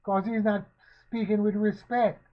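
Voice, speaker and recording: In this dull, lo-fi recording, a male commentator offers social commentary with a fairly high voice that shows little pitch movement. He speaks unhurriedly and emphatically, like a preacher, piling up rhetorical questions and leaning on repetition.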